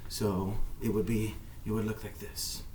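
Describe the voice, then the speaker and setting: A man's voice: lowish voice, flat delivery, measured pace, darkish tone, a little hiss or hum. A man leading a kids' yoga workout, giving encouraging, repetitive coaching cues. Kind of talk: guided workout instruction. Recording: echoey room, mic far off.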